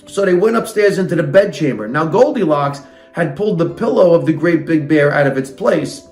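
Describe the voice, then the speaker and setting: High-voiced man ranting over a storybook. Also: animated, fairly quick, darkish tone, roomy sound, soft background music. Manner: sarcastic, indignant ranting. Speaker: comedian reading a fairytale aloud. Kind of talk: comic storybook reading with ranting asides.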